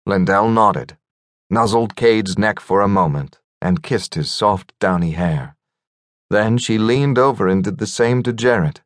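A man narrating a fantasy audiobook in a measured, gentle storytelling manner. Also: lowish voice, dry recording, clean studio sound. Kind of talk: scripted narration.

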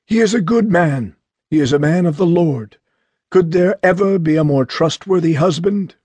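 A man voicing a sick, bedridden old father who speaks weakly and slowly. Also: a little high, animated, a little mellow, dry recording, pitched above the performer's own voice. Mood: stern. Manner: weak, slow and breathy.

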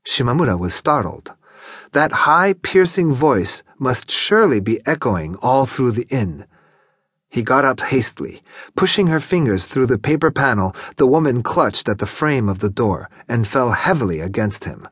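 Expressive male audiobook narrator, dry studio. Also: mid-range voice, husky, dry recording. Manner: expressive, measured storytelling. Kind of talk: scripted narration of a literary novel. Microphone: studio microphone, close.

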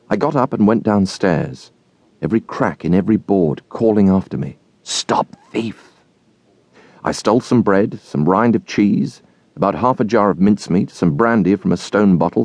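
A man reads a classic novel aloud with expressive storytelling. His voice is deep yet lively, rising and falling widely. The recording is close and dry. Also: no echo. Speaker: audiobook narrator. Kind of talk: scripted narration of a classic novel.

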